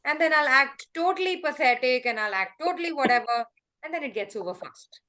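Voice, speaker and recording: A middle-aged woman answers questions as a coach. Her voice sits high and she talks with animated energy, acting out quotes in small put-on voices. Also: a little fast. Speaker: host and happiness coach. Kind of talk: coaching answers on a group call.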